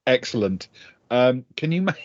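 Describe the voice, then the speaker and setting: A man's voice: medium pitch, very animated, moderate pace. Chatty man running a tabletop game. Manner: chatty, laughing asides, many ums. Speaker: game master. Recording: dull, dry lo-fi sound.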